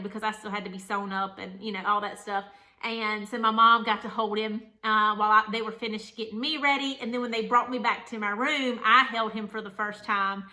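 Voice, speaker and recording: Bright-voiced young woman telling her story. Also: a little high. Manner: earnest, rambling, many "like" fillers. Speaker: vlogger, new mother. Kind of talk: candid personal storytelling.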